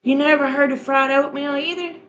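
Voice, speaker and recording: A middle-aged woman with a fairly high voice talks her viewers through a recipe step by step. She speaks in a homespun, chatty way and often repeats herself. A faint noise sits behind her voice. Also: steady tone, fairly quick, fairly bright tone, highs cut off. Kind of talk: casual chat, recipe instructions.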